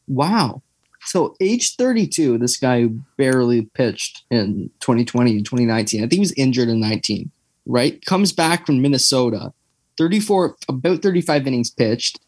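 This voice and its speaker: Husky young man rambling. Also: mid-range voice, a little mellow, no echo. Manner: rambling, full of "like" fillers and tangents. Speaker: sports podcast co-host. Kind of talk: casual chat.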